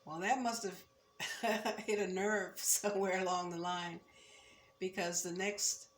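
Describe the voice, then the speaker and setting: An older woman in her seventies recalling her student years in a measured, reflective oral-history telling, turning firm when she speaks of injustice. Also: on the low side, steady tone. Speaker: former student recounting memories.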